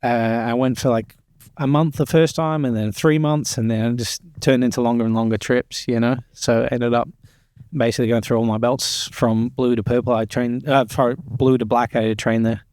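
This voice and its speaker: A man's voice: mid-range voice, steady tone, moderate pace, a little mellow, no echo, clean studio sound. A man chatting casually as a guest on a podcast, telling stories with plenty of fillers. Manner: storytelling, laid-back with fillers. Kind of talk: casual chat.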